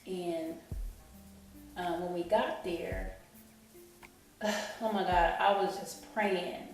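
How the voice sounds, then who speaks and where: A woman's voice: on the low side, fairly even intonation, extremely slow, creaky, darkish tone. Rambling woman in an echoey room. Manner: rambling, keeps saying "you know what I'm saying". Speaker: channel host telling a personal story. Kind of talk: emotional storytime vlog. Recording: echoey room, distant mic, faint music.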